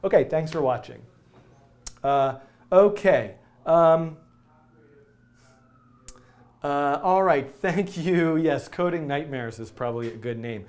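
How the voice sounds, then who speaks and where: Speaking slowly with long pauses, a man with a fairly high, slightly mellow voice teaches coding on a live stream. He narrates what he's typing in a chatty way and pokes fun at himself with jokes and laughter.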